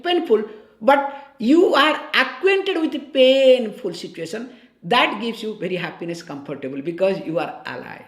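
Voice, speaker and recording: With a high, light voice, a woman teaches on scripture in a conversational way, stopping to make sure listeners follow and correcting and repeating her key phrases. The recording is roomy, with a clear echo.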